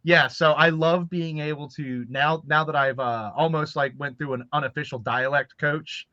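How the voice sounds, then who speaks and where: A man with a bright, forceful tone chats and jokes in long rambling runs, pitched slightly high. The sound is dull and lo-fi, like a video call, and very dry. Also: fairly even intonation, moderate pace, no room sound. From Baltimore, Maryland. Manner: chatty, joking, rambling. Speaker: author co-guest. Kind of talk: casual chat.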